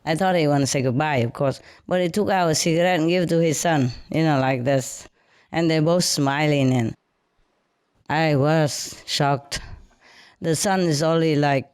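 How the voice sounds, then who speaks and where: A non-native English speaker tells a friend a casual anecdote in broken grammar, laughing often, growing indignant and using lots of fillers like "you know" and "yeah." The voice is mid-range with a darkish, clean tone, captured in a dry, clean studio recording.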